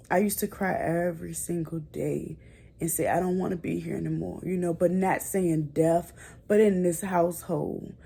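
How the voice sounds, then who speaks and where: A young woman speaks to her viewers in a casual storytime vlog. Her voice sits low, with a gravelly, dark, mellow tone. She talks in a chatty, earnest way, calling her audience y'all. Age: young adult. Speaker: vlogger.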